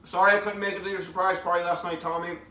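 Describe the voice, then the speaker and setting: Casting: upbeat male streamer, thirties, bright forceful voice, a little off-mic in an echoey room. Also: sits high, little pitch movement, quick pace, distant mic, a little hiss or hum. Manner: chatty, upbeat, talks with mouth full, reads comments aloud. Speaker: vlogger hosting a live eating show. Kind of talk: casual live-stream chat.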